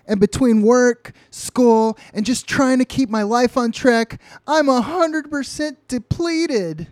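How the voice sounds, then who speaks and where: A man voicing a stressed teenage girl from a comic strip, reading her lines in a high, whiny, overwrought tone. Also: takes it slowly, dry recording, clean studio sound. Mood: pleading.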